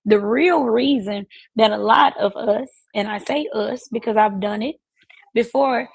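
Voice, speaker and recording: A woman's voice: a little high, unhurried, creaky, breathy edge, no echo, low-quality recording. A woman hosting a live stream as a financial services coach, speaking emphatically with repeated, preacherly phrasing. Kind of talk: motivational live-stream talk.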